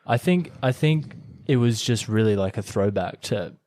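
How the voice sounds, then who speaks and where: A man co-hosting a music review podcast, talking casually, hedging often and filling pauses with "um" and "like". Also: on the low side, expressive, a little mellow, no room sound. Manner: hesitant, frequent "um" and "like", self-deprecating. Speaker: podcast co-host. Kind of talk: casual chat.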